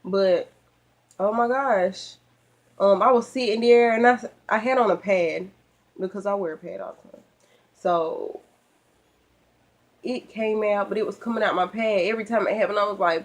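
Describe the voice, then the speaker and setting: Chatty Southern woman telling her story. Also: medium pitch. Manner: animated, chatty, acts out her own past lines. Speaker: vlogger. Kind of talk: personal storytelling. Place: at home.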